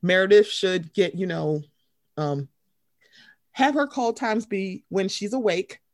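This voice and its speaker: A woman co-hosting a podcast, chatting emphatically and swearing freely, jumping up in pitch when she quotes people. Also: slow, dry recording, studio quality. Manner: animated, emphatic, profane, swoops up when quoting. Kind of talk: casual chat.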